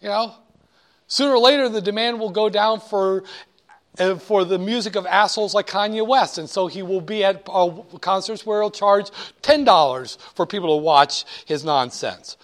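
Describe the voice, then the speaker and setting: A man lecturing on finance with a high, light voice. He jokes and digresses, then leans hard on his main principles. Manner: joking, digressive, emphatic. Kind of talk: classroom lecture.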